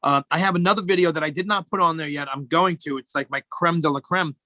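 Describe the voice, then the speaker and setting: Bright-voiced middle-aged man telling stories. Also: a little high, fast, no room sound. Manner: rambling, joking storyteller. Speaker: guest. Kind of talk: casual chat.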